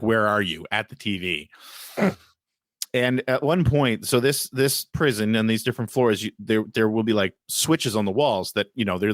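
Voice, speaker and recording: A man's voice: on the low side, fairly bright tone, dry recording, studio quality. A man co-hosting a podcast in casual chat, rambling with many restarts and fillers. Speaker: podcast co-host.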